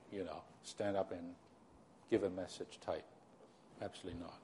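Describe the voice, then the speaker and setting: The speaker is an older man, his voice lowish and slightly rough, reminiscing to a church gathering about its beginnings. It's a rambling, sermon-style account, full of restarts and remarks aimed straight at his listeners.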